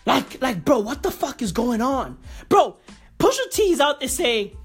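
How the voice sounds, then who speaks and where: A woman doing an excitable, profane comedic rant, packed with repeated slang catchphrases and sudden comic pitch jumps. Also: a little slow, breathy edge, faint music behind.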